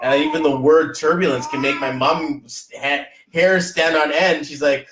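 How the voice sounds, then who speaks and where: A man hosting a podcast, chatting casually and motivationally, telling rambling, animated stories full of fillers. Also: a little high, moderate pace, few pauses, reverberant, poor audio. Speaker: podcast host.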